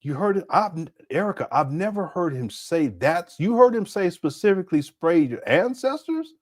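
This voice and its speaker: A man's voice: high-pitched, sing-song, moderate pace, darkish tone, dry recording, clean studio sound. A man hosting a live reaction stream, laughing often, stumbling over his words and talking straight to his chat.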